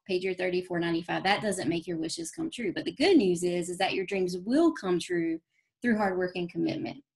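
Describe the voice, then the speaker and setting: A woman, giving an emphatic motivational talk on a team call and acting out the voices in her stories. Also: medium pitch. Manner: emphatic storytelling, acts out quoted voices. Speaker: network marketing team leader.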